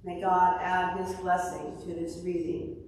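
A woman pastor reading scripture and preaching a sermon in a measured, deliberate way. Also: lowish voice, level tone, darkish tone, a little hiss or hum. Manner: slow, measured delivery with a told joke. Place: church sanctuary. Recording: distant mic in an echoey hall.

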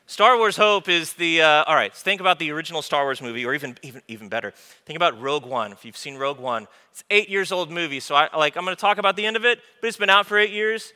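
A male pastor preaching an informal, animated sermon in a church, with joking asides to the congregation. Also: on the high side, fast, smooth. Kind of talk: conversational sermon. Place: church sanctuary. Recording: long hall reverb from a church room.

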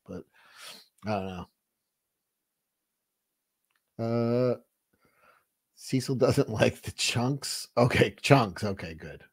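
A man's voice: lowish voice, expressive, a little slow, pauses often, slightly rough. Rambling, foul-mouthed male stream host. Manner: rambling, profane, frequent restarts. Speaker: livestream host. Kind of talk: casual livestream chat.

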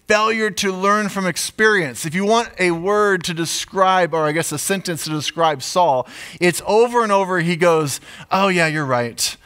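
A man, a pastor, preaching a sermon in an animated storytelling way, acting out asides. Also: high-pitched.

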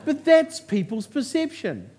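A man's voice: very high voice, wildly swooping pitch, measured pace, a little mellow, some chatter behind. A man giving a motivational speech to a live audience from a stage, telling his story with humour and punchy lines. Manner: humorous, punchy storytelling with jokes. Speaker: motivational speaker.

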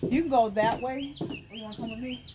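A woman's voice: sits high, brisk. Chatty woman touring a house. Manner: chatty, Southern colloquial phrasing. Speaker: real estate agent giving a house tour. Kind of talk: casual walkthrough tour. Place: indoors, house tour. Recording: noisy background.

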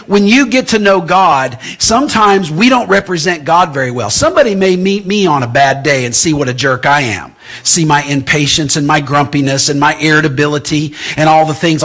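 A male guest preacher giving a lively sermon, who often repeats words as he goes. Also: on the high side. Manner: animated, repeats words as he speaks.

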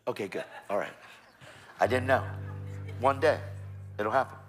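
Preacher with a Texan accent, faint music. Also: male voice, medium pitch, moderate pace. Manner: animated storytelling with quoted voices. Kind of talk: sermon. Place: church sanctuary.

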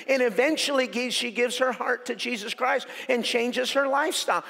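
This fairly fast sermon from a male pastor barely pauses, packed with jokes and insistent repetition of key phrases. He has a gravelly, high-for-a-man voice that echoes with long reverb through a cavernous church hall.

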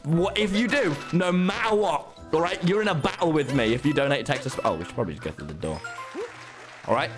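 A man streaming a game live, excitable and swearing as he jokes with his chat. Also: a little high, fast, over music. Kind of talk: live gameplay commentary.

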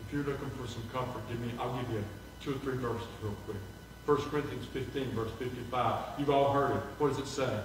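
A man's voice: mid-range voice, moderate pace, a little hiss or hum. Man preaching in an echoey church. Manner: animated preaching, acting out quoted voices. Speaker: pastor. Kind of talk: sermon. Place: church sanctuary. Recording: echoey hall from far off.

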